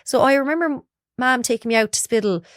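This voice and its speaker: Talking fast in a high voice, a Galway woman who works as a broadcaster guests on a casual interview, chatting about her life and performing the dialogue she quotes. The studio recording is clean with no room sound.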